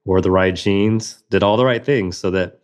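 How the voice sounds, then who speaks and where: Guy with a really deep voice telling his life story on a podcast, earnest and reflective. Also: moderate pace. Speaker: podcast guest.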